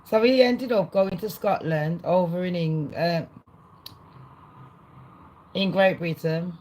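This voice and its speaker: Excitable sweary woman ranting. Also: fairly low pitch, slow pace, low-quality recording. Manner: excitable, rambling, heavy swearing. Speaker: livestream host. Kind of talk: casual rant to a live chat.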